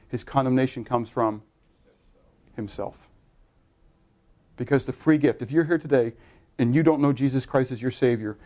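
A middle-aged man preaching a sermon, animated and conversational, asking the congregation to answer and correcting himself in loose asides. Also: mid-range voice. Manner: animated preaching with audience call-and-response. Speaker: pastor.

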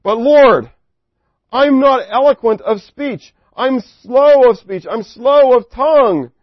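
A man's voice: extremely high pitch, no echo, pitched above the performer's own voice, heavily acted. A man voicing a reluctant male prophet who drawls out pleading excuses. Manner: drawn-out, pleading, protesting. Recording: dry, dull lo-fi recording.

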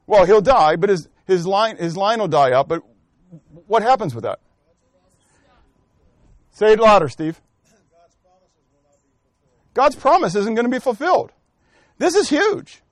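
In a high, sing-song voice with long pauses and an unhurried pace, a man leads an interactive scripture lesson, asking his class questions, calling on people by name, and thinking aloud with self-corrections. The studio sound is clean, with no room sound.

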